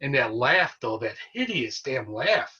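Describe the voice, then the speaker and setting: A man with a bright, edgy and somewhat husky voice tells a story in an earnest, excitable way. He sounds set back from the microphone, and the recording is dull and lo-fi. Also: medium pitch, a little slow, far from the mic. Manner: earnest, excitable storyteller who relives events. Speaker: paranormal investigator guest. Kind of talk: casual storytelling interview.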